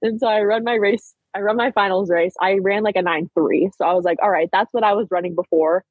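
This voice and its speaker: A husky-voiced young woman in her late teens, telling a story as a podcast guest, talking quickly and filling every pause with "like". The sound is close and dry, with almost no room around her voice. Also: mid-range voice, no echo, narrow, tinny audio. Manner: chatty, peppered with "like", animated retelling. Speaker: podcast guest, track athlete. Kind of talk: casual storytelling interview.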